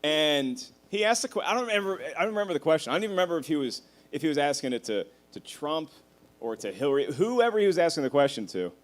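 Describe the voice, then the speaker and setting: A male stand-up comedian with a somewhat high speaking voice works through a set. He tells animated stories, swears freely and laughs at his own jokes. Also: quick pace.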